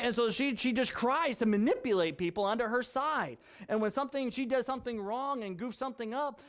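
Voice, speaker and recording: High-pitched guy preaching, real chatty and joking around as he goes. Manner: chatty, jokey asides with laughter. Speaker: pastor. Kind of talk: conversational sermon.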